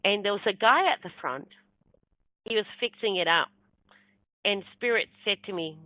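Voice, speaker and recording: A woman speaking as a spiritual medium, telling a personal story in a lively way and acting out the voices of people she quotes. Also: medium pitch, normal speed, long pauses, no echo. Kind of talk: storytelling talk. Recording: tinny phone-like sound.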